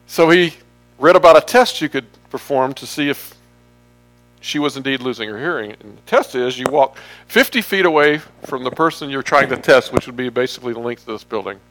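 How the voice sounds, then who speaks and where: A pastor delivers a casual sermon from slides in a medium-pitched, slightly bright voice. He's chatty and full of jokes, and now and then he drifts off topic.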